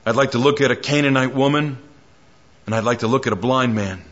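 A man preaching a sermon as pastor, reading scripture aloud, with dramatic rises and hushed drops. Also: mid-range voice, a little fast, lo-fi sound.

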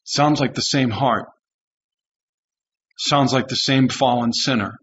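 A man's voice: mid-range voice, slow pace, fairly bright tone, dull audio. A male pastor preaching a sermon with an emphatic, repetitive cadence.

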